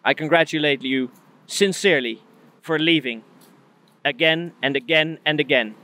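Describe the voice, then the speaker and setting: Man, Dutch accent, emphatic and dramatic address, slightly high pitch. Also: moderate pace, bright, forceful tone. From Netherlands. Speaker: speaker addressing the British. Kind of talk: earnest political address.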